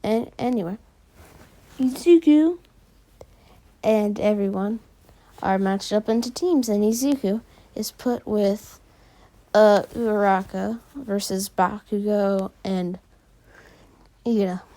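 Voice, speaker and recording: A woman casually narrating a fan story, filling pauses with frequent "uh"s. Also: medium pitch, warm tone.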